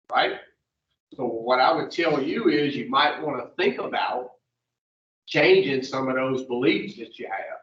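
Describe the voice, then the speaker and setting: A man's voice: medium pitch, fairly bright tone. A man leading an addiction recovery group, blunt and profane, firing questions at his listeners. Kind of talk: blunt group teaching session. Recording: dull echoey room, mic far off.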